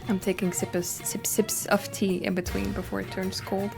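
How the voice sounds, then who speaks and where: A woman's voice: mid-range voice, little pitch movement, moderate pace, gravelly. A woman streamer chatting casually to her viewers while she plays and reads the game's dialogue aloud, laughing easily. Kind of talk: casual gameplay commentary. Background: game music.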